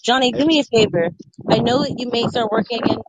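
A woman hosting a call-in podcast, talking quickly and reassuringly as she directs a caller. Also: on the high side, slight background noise, poor audio. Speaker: podcast host. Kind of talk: casual podcast chat.

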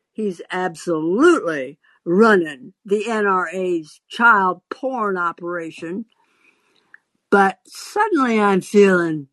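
An older woman hosts her show as an advice columnist, telling a long story to her listeners with wry asides. She speaks slowly, her pitch swooping up and down with lively expression. The sound is dry and close. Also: dry recording. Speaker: advice columnist and podcast host.

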